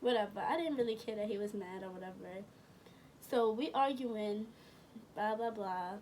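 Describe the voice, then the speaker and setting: A woman's voice: mid-range voice, normal speed, darkish tone. A young woman telling a casual storytime, rambling and correcting herself as she goes, full of slang. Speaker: vlogger. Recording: from a distance with faint room noise.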